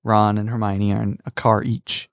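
A young man co-hosting a casual podcast, trading joking, deadpan banter. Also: fairly low pitch, moderate pace, dry recording, studio quality. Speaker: podcast co-host.

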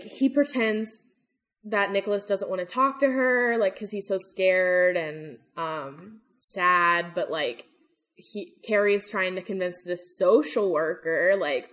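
A young woman talks through a true crime case in loose, casual chat. Her voice sits in an ordinary middle pitch. She fills her sentences with "like" and "um" and acts out the quotes. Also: slow, a bit bright. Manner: chatty, lots of "like" and "um", acts out quotes. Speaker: podcast host telling a true crime story.

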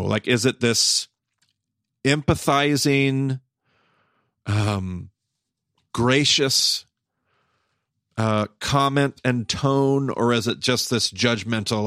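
A man's voice: mid-range voice, takes it slowly, long pauses, fairly bright tone, clear, resonant tone, dry recording, studio quality. A man hosting a podcast, thinking aloud in a casual Bible study discussion, searching for words and restarting phrases. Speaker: podcast host.

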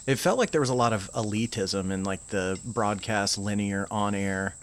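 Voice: low-pitched, moderate pace, slight background noise. An interviewer in casual conversation who prompts the guest and drops in short acknowledgments. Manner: encouraging, frequent short acknowledgments.

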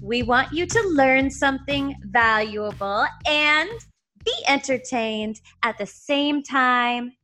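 A woman's voice: high-pitched, takes it slowly, bright, forceful tone, soft background music. A woman in her forties with a Southern US accent, co-hosting a podcast in casual, chatty talk with easy laughs. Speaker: podcast co-host. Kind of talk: casual chat.

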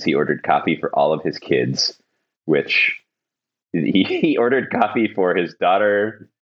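A very low-pitched man spins a long, rambling story on a podcast, full of "um"s, "like"s and false starts. The sound is a little dull and lo-fi, and the mood stays casual and chatty. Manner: rambling anecdotal telling with many fillers and restarts. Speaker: podcast host.

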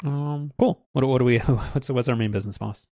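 A man hosts a casual podcast chat in a warm, medium-pitched voice at a moderate pace. He rambles with many restarts and fillers, and the studio recording is clean with no echo.

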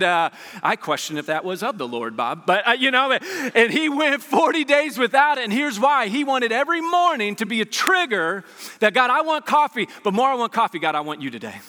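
Bright high-voiced pastor preaching in a hall. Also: male voice. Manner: conversational preaching with rhetorical questions, swinging from loud to hushed. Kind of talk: sermon. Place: church sanctuary. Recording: long reverb of a large church hall.

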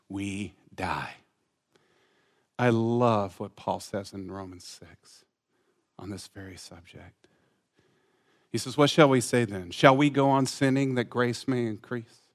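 A man preaching a sermon to a congregation, talking with them and asking for shows of hands. He swings between loud emphasis and hushed, near-whispered lines. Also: fairly low pitch. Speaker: pastor. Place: church sanctuary with congregation.

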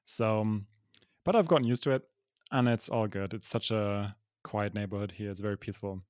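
A man's voice: lowish voice, fairly quick, darkish tone, no room sound, studio quality. A man co-hosting a podcast from his apartment, chatting casually and often poking fun at himself. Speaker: podcast co-host. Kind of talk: casual chat.

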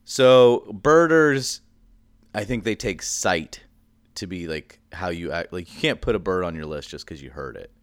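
Deep-voiced, lively young man explaining. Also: measured pace, clear, resonant tone, dry recording. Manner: explains at length, animated and chatty. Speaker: podcast co-host. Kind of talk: casual chat.

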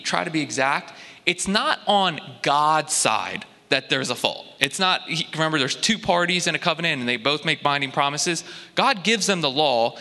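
A man preaching a sermon in a measured, explanatory way with deliberate pauses. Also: on the high side, pushed and bright, long reverb tail. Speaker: pastor.

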